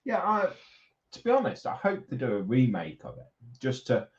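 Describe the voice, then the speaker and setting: A man's voice: huge pitch swings, moderate pace. Wry man with a swooping voice. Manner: joking, wry, swings widely in pitch. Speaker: co-host, host's partner. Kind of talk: casual livestream banter. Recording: dull lo-fi audio with faint noise.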